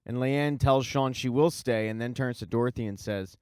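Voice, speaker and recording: A man's voice: medium pitch, normal speed, hardly any pauses, a little mellow, clear, resonant tone, no echo. A man narrating a casual TV show recap with wry, dry asides. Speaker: TV recap host.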